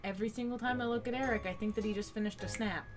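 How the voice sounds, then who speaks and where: A woman's voice: fairly high pitch, steady tone, rapid-fire, over music. A woman joining her friend for a let's-play, giggly, teasing and full of exclamations. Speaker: co-player, friend of the host. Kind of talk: casual let's-play banter.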